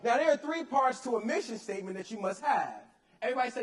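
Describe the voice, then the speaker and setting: A high-voiced man delivering a rousing motivational speech at a youth conference. He pushes his lines with energy and keeps calling on the audience to repeat key words back to him. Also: sing-song, quick pace, a bit bright, some chatter behind, a little hiss or hum, poor audio. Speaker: motivational speaker. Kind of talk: motivational speech with call-and-response. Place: conference stage.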